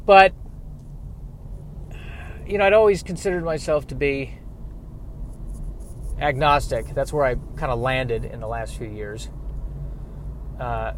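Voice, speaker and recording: A grieving man talking through a reflective personal monologue, halting and rambling, with self-deprecating asides. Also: mid-range voice, slight background noise.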